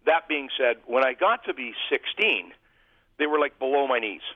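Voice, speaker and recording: A man's voice: mid-range voice, lively intonation, normal speed, no room sound. Male guest, ex-goalie, chatty self-deprecating storyteller, phone-quality audio. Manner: humorous, self-deprecating anecdotes. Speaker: guest, former hockey goalie. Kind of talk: casual interview storytelling. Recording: tinny phone-like line.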